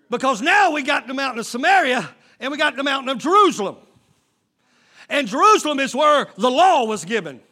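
A man preaching a fiery sermon, his voice pitched very high and ringing bright. He keeps calling out to the congregation for an amen and builds to shouts. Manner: fervent preaching with call-and-response. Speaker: pastor.

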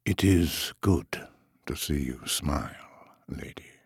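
An actor playing a charming, wry male noble knight in an audiobook drama, talking in a smooth, teasing way. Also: low voice, sing-song, takes it slowly, no room sound, clean studio sound, heavily acted.

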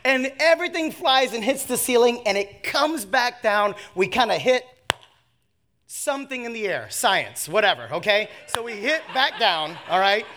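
A man preaching a sermon, telling a comic personal story with lively swings from hushed asides to shouts, laughing at himself. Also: very high-pitched, normal speed, background noise.

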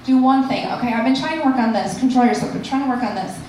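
A woman performing a stand-up comedy set and hosting the show, animated and shouting her punchlines in high bursts. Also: very fast, recorded from a distance, slight background noise. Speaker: stand-up comic and festival host. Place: comedy club stage. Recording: echoey room picked up from afar.

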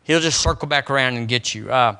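A man's voice: mid-range voice, fairly quick, clean tone. A man preaching a sermon as a pastor, throwing questions to the congregation. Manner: animated preaching, quizzes the congregation. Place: church service.

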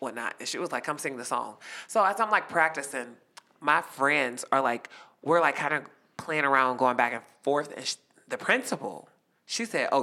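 A young man tells a story as a guest. His voice is bright and forceful, and he acts out every quote with animated flair. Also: mid-range voice. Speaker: guest performer. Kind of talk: casual storytelling.

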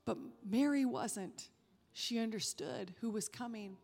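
A woman preacher delivering a sermon, emphatic, rising when animated and dropping soft to stress a point. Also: fairly high pitch, unhurried, vocal fry. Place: church sanctuary. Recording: reverberant hall with faint music.

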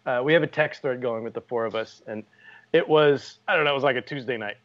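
A man's voice: medium pitch, quick pace. Jokey storytelling man, lo-fi recording. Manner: jokey, storytelling, laughs often. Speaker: podcast co-host. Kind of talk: casual chat.

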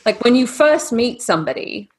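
A woman with a blended British and Texan accent that sounds Australian, speaking as a podcast guest in a lively, animated way. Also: a little high, moderate pace, slightly rough. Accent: mixed British and Texan, sounds Australian. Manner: lively, animated storytelling with put-on voices. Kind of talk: casual podcast interview.

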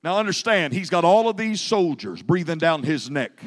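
Man, pastor preaching a sermon, high voice, long hall reverb, measured then fervent delivery. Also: sing-song. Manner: builds from low, measured phrases to loud, fervent preaching.

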